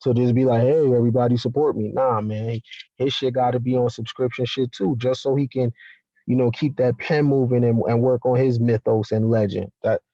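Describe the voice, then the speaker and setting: A man with a mellow, warm voice, chatting casually and animatedly as a talk-show guest. His audio sounds dull and dry, like a remote hookup. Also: mid-range voice, moderate pace, no echo. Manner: animated, slangy, with repeated fillers. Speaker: podcast guest. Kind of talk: casual conversation.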